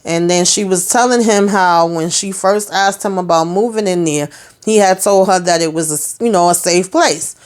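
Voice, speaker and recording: A woman's voice: lowish voice, moderate pace, clean tone. A woman casually recapping a TV episode, retelling scenes through quoted lines and personal asides. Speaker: TV recap host.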